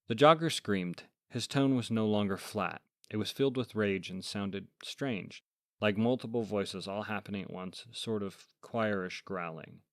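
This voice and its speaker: Low-voiced man narrating dark horror tales. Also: unhurried, no echo, studio quality. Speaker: horror story narrator and podcast host. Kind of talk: scripted first-person horror narration.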